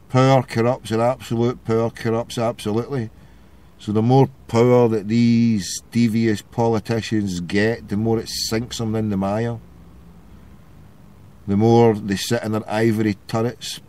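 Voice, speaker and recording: Glasgow guy ranting on his call-in show, swears a lot, sarcastic, lowish mellow voice. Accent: Glasgow Scottish. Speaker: radio show host. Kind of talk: ranting opinion monologue.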